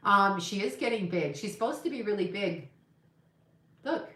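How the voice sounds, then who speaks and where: A woman's voice: medium pitch, lively intonation, moderate pace, a bit bright. A woman hosting a casual livestream, chatting in an opinionated, gossipy way while she reads viewer comments. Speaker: psychic livestream host. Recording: echoey room.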